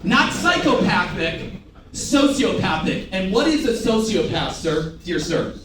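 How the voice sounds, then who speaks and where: Animated man training a room of salespeople. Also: sits high, measured pace, crowd noise. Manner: animated, jokey, drills the audience with call-and-response. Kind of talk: live sales training talk. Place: large room with a live audience. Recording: echoey room, picked up from a distance.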